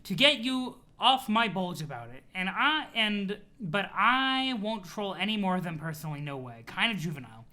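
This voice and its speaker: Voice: mid-range voice, big pitch swings, moderate pace, hardly any pauses, pushed and bright. A streamer doing a lisping, grumpy troll. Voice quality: lisp. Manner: snappish, clipped, profane. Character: grumpy lisping young troll, irritable and curt. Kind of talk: reading a webcomic aloud on stream.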